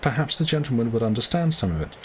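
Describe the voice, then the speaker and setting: A man's voice: medium pitch, big pitch swings, quick pace, a little hiss or hum, natural voice. A man voicing a composed, philosophical young servant in a read-aloud novel. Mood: calm. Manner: polite, composed.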